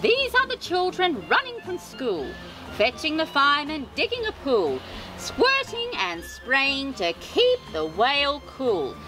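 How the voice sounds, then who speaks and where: A woman reads a children's storybook aloud at an unhurried pace, her voice riding high and swooping all over the place. She breaks off for gentle, sympathetic asides. Music plays clearly underneath. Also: poor audio. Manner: expressive, sing-song reading with gasps of sympathy. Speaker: storytime host. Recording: reading over background music.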